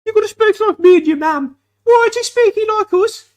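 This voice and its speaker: A man's voice: extremely high pitch, brisk, voice pushed up. Exasperated working-class Black Country father, nagging and indignant. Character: exasperated working-class dad scolding his son.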